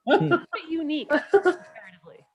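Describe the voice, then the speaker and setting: A woman's voice: high-pitched, animated, moderate pace. A young woman doing stand-up over a video call, rambling and self-mocking, often laughing at her own lines. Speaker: comedian.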